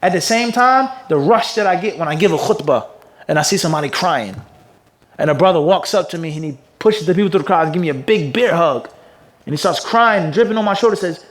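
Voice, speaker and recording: A man teaching a religious hadith class as a mufti, his voice pitched notably high. He keeps the room involved with call-and-response questions and moves through Arabic passages at a brisk clip. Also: expressive. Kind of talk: religious lecture.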